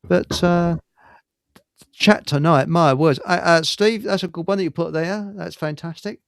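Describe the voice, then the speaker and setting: A man's voice: fairly high pitch, steady tone, measured pace, gravelly, clear, resonant tone, no room sound. A middle-aged man hosting a casual talk show, telling rambling stories full of restarts. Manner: rambling anecdotes with frequent restarts. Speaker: host.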